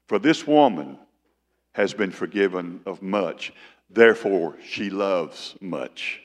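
A male pastor voicing a calm, authoritative teacher from scripture, speaking slowly and with emphasis. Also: sits low, big-room sound. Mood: measured. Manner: slow, deliberate, emphatic quoting.

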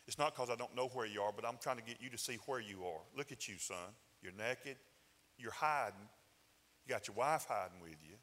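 Preacher guy, folksy sermon talk, bright punchy voice, big hall echo. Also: medium pitch, animated, normal speed. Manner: conversational, folksy preaching with rising emphatic bursts. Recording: hall reverb.

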